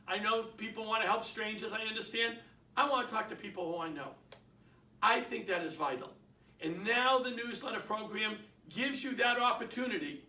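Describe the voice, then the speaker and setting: A middle-aged man with a Boston accent, coaching real estate agents in an energetic, emphatic way and acting out phone calls. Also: high-pitched, recorded from a distance. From Boston area. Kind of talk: instructional talk. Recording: echoey room, speaker away from the mic.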